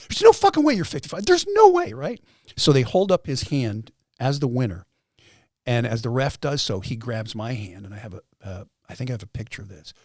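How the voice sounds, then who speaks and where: Man, fifties, podcast guest, animated storyteller, swears, middle pitch, dry sound. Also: no echo. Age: 50s. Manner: acts out quoted voices, swears freely.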